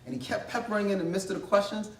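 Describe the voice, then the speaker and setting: A man's voice: sits high, very fast. Man telling a vivid personal story in an echoey room. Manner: vivid, conversational, acts out quoted voices. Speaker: guest speaker. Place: college library event space. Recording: echoey room, distant mic, faint ambience.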